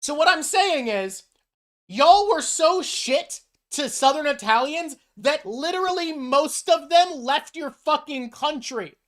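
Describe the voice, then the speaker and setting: A woman streamer from North America rants in a casual chat, emphatic and quick to swear. Her voice sits on the higher side. She speaks in a loose, conversational way. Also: expressive. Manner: emphatic, ranting, swears often. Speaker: streamer host.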